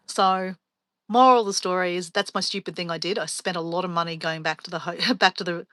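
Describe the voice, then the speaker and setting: A woman travel vlogger chatting on a live stream, her voice bright and forward. She rambles through stories and laughs easily. The sound is close and dry, with no room around it. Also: fairly low pitch, no room sound. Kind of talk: casual live stream chat.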